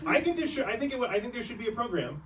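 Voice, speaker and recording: Animated young male stand-up comic, distant mic. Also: very high-pitched, racing, a little hiss or hum. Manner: rambling, self-interrupting, laughs at own jokes. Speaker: stand-up comedian. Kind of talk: stand-up comedy set. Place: comedy club stage before a laughing audience.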